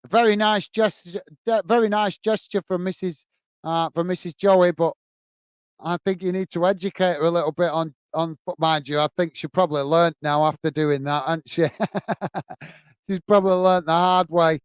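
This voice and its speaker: A high, steady, clean-toned voice at normal speed belongs to an English man hosting a football watch-along from home. He calls the match live, talks to viewers and laughs a lot, in a dry recording.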